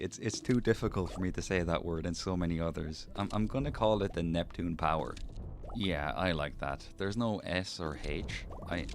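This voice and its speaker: A young man narrating his gameplay in a deadpan, mock-formal comic way. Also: sits low. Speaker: gaming channel narrator. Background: faint game background music.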